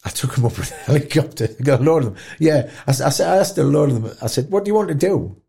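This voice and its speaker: A man telling a moving story in an interview, acting out other people's voices and dropping to a hush at tender moments. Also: mid-range voice, quick pace, creaky, slightly rough. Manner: animated storyteller, acts out voices, drops to quiet. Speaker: guest, dementia campaigner. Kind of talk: storytelling in conversation.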